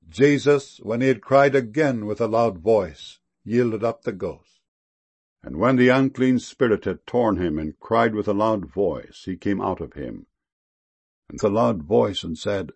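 A man reading Bible verses aloud in a solemn, measured way. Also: lowish voice, vocal fry, darkish tone, husky. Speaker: scripture reader.

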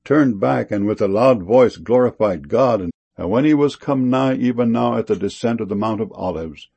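A man reading Bible verses aloud in a solemn, measured way. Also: on the low side, creaky, mellow, slightly rough, lo-fi sound. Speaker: scripture reader.

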